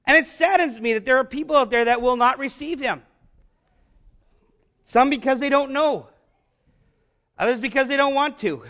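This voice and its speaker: A man preaching a sermon, asking the congregation rhetorical questions and slowing down to stress repeated phrases. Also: very high voice, pushed and bright. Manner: rhetorical questions, emphatic slow repetitions. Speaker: pastor.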